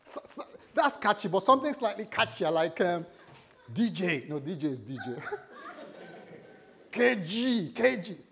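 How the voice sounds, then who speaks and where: A man preaching a sermon to a congregation, animated and telling stories with acted-out dialogue. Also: high voice, a little slow, long pauses. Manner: animated, acts out characters in dialogue.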